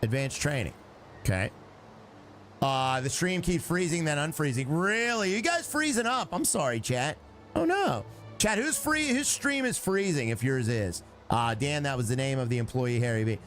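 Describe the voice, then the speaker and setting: An excitable, chatty man streams a game live and talks straight to his chat. His voice sits a little high and swings widely in pitch. Faint music plays underneath. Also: normal speed. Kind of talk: live gameplay commentary with chat.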